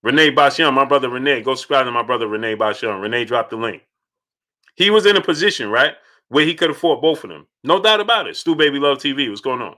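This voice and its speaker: A man's voice: medium pitch, expressive, quick pace, bright, forceful tone. A man hosting a live boxing talk stream. He greets chat viewers by name and repeats his points with emphasis. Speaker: boxing channel host.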